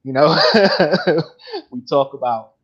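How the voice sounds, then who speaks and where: A chatty man hosting a casual live stream, rambling along and laughing easily. His voice is husky and a little breathy, and the audio is dull and lo-fi. He sits in a middle pitch for a man. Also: normal speed. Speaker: host of a live collectibles show.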